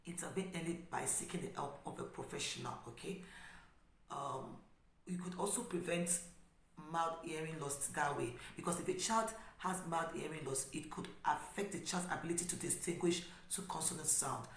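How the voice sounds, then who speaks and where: Gravelly woman giving slow careful tips. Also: low-pitched. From Nigeria. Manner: slow, emphatic modeling of clear speech. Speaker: special education teacher. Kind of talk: educational talk to parents. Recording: echoey room with faint background noise.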